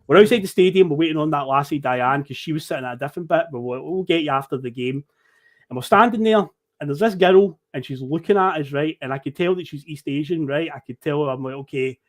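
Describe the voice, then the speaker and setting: A man on a podcast, telling a lively story, acting out the people he met and swearing casually. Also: a little high, fast talker. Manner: animated storyteller who acts out quoted people, swears casually.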